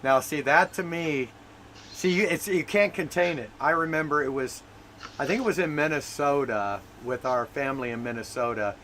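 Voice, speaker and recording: A man's voice: on the high side, normal speed, a bit bright, a little hiss or hum. A man hosting a faith talk show, speaking like a preacher and building to emphatic declarations. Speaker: host.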